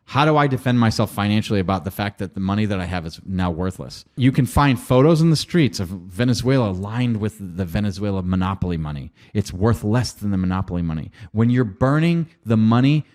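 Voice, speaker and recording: Emphatic low-voiced male podcast host. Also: expressive, fairly quick, few pauses, darkish tone. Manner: emphatic, alarmed, repeats warnings. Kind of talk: reaction commentary.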